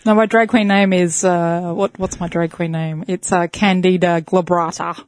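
A woman's voice: fairly low pitch, little pitch movement, moderate pace, dry recording. Blunt, laughing woman. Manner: blunt, laughing, swearing, technical jargon. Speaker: guest, microbiologist. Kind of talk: casual chat.

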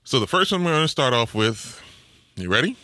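Man, casual co-host, eating while talking, animated, dry close sound. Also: medium pitch, a little fast, dry recording. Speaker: podcast co-host. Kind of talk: casual chat.

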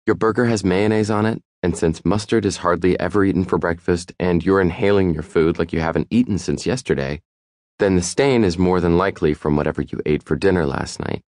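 Sharp, probing young woman, read by a man. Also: low-pitched, dry recording, clean studio sound, close to an everyday voice. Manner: brisk, deductive questioning. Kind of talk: audiobook dialogue.

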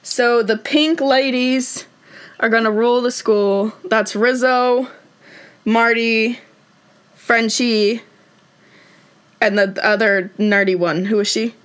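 A woman's voice: fairly high pitch, fairly even intonation, takes it slowly, pauses often, fairly bright tone, clear, resonant tone. Woman cohosting a movie podcast, chatty, laughs a lot, kinda trails off. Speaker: podcast co-host. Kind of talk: casual chat reviewing a movie.

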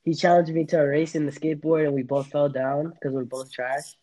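A man's voice: fairly high pitch, level tone, a little fast, warm tone, low-quality recording. A young man hosting a casual podcast chat, rambling and laughing with many restarts. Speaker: podcast host.

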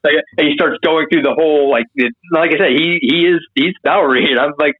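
Guest, male, higher voice, tells stories with lots of swearing and acted-out quotes; thin phone-line sound. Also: quick pace, few pauses. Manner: animated, profane, acts out quotes in a higher voice. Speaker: interview guest. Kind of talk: casual storytelling.

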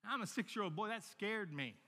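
Bright-voiced man preaching a sermon. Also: sits high, fairly quick, long reverb tail. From Northern Virginia, United States. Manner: animated storytelling, repeating words as he restarts. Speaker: pastor.

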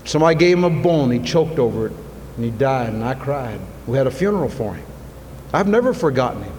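Fervent preacher with echoing hall sound. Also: male voice, medium pitch, animated, quick pace. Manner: swings from soft and intimate to loud fervent shouting. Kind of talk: sermon. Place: church sanctuary. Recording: long reverb, faint ambient noise.

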